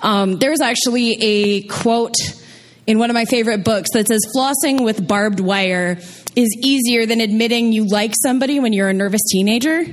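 A woman's voice: fairly high pitch, moderate pace. A young woman telling a personal story on stage, chatty and self-deprecating with many fillers. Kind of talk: live storytelling.

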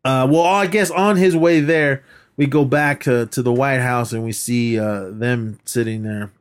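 A man's voice: mid-range voice, fairly even intonation, measured pace, clean tone. A man co-hosting a podcast, casually recapping a film in a rambling way, acting out quoted lines and laughing as he goes. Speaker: podcast co-host. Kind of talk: casual movie recap chat.

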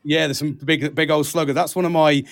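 A British man, voice sitting a touch high, chats on a live podcast in a loose, friendly way and keeps calling his co-host mate. The sound is dry and close, with no room around it. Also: little pitch movement, a little fast, creaky, no echo. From Britain. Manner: chatty, says mate a lot, laughs often. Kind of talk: casual podcast chat.

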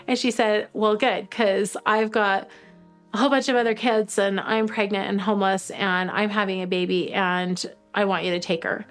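A middle-aged woman sharing a personal adoption story in a documentary interview, halting with fillers and tearing up at moments. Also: medium pitch, steady tone, soft background music. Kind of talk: emotional personal testimony.

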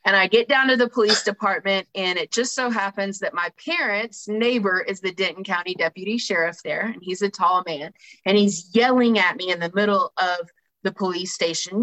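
Woman, bright tone, candid personal story, chatty, keeps asking "right?". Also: medium pitch, moderate pace, rough recording. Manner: conversational, frequent "right?" tags and fillers. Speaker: speaker sharing a recovery story. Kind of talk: candid personal talk with book reading.

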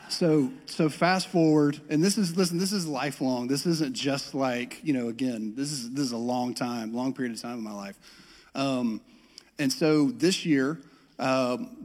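A middle-aged man from the US South with a Southern accent, telling a self-deprecating personal story in a sermon. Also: mid-range voice. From Metro Atlanta, US South. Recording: long reverb of a large hall.

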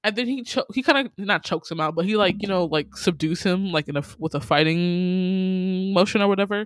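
A man casually recapping a TV series on a podcast, telling the story in lively bursts, acting out the characters' lines and swearing freely, with lots of "you know". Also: sits high, brisk, no room sound, clean studio sound. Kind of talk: casual chat.

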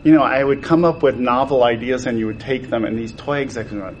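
Toy designer guest, a man with a mid-range voice, animated storyteller who acts out the quotes. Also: medium pitch, fast talker, slight background noise, poor audio. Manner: acts out quoted exchanges with voice changes.

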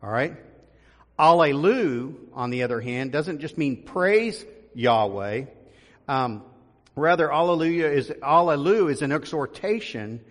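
A man's voice: a little high, animated, unhurried. A man, a pastor, giving a conversational sermon with frequent ums and restarts, building to emphasis. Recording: long reverb of a large room.

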